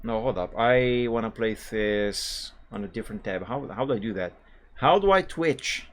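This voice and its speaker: A man's voice: lowish voice, lively intonation, moderate pace. Chatty self-mocking man streaming. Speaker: art streamer. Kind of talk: casual livestream chat.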